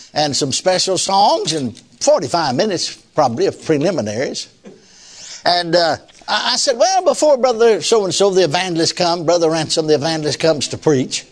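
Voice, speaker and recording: An older man, a pastor telling a folksy sermon story, chuckling often and saying "you see.". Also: fairly high pitch.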